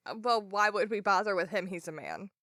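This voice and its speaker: Blunt, sarcastic female podcast co-host; bright, very expressive delivery. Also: mid-range voice, a little fast, no room sound, studio quality. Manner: blunt, sarcastic, swears freely. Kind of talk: casual book discussion.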